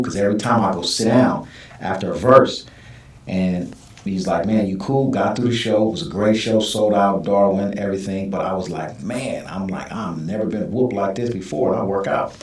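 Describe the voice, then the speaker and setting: A deep-voiced man tells a personal story in a relaxed interview, and he acts out the other people in it with quick shifts of voice. He sits some way back from the mic in an echoey room. A faint hum of room noise runs under the talk. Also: far from the mic. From Southern California. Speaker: guest.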